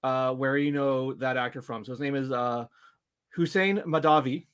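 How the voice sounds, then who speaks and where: A man co-hosting a casual chat show, talking in halting bursts with many restarts. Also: medium pitch, a bit bright, clear, resonant tone. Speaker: podcast co-host.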